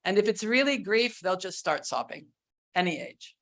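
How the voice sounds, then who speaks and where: A woman giving a keynote talk on religious education, earnest and deliberate, stretching words for emphasis. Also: mid-range voice, very animated, fairly bright tone. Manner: earnest, slow, with drawn-out emphasis; sings and acts out cries while teaching. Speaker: keynote speaker.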